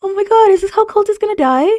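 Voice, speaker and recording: Reaction host, woman: high voice that swings wildly, gasping and stammering exclamations, dry close sound. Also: animated, fast, warm tone, no echo. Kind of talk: live anime reaction commentary.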